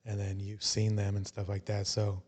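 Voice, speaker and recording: A man's voice: fairly low pitch, completely flat delivery, normal speed, a little mellow. A man hosting a podcast, asking questions in loose, searching phrasing. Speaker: podcast host. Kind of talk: casual interview.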